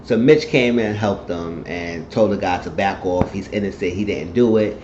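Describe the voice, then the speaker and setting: A TV show reviewer with a low, darkish voice goes over an episode at a moderate pace, meandering through events and acting out lines in shifting voices. His dull, echoey room recording carries a little hiss or hum.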